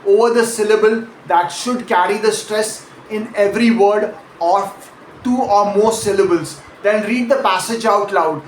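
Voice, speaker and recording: High-voiced male accent coach, echoey room. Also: a little slow, slight background noise. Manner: explanatory, demonstrates word stress by example. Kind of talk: pronunciation lesson.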